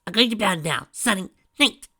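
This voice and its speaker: A woman's voice: mid-range voice, sing-song, moderate pace, gravelly, fairly bright tone, voice pushed up. A reader voicing Pinky, a clingy, lovesick young woman who is hurt one moment and brash the next. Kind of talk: audiobook reading.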